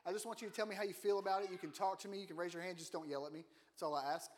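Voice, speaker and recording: A man's voice: sits high, steady tone, very fast. A man giving a casual, joking sermon in a church, often putting questions to the congregation. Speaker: guest preacher. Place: church auditorium.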